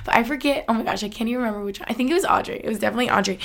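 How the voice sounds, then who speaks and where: A woman's voice: on the high side, rapid-fire, hardly any pauses. A young woman in her twenties hosting a podcast, chatting in a casual, upbeat way with lots of "like" fillers and frequent laughter. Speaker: podcast host. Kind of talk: casual chat.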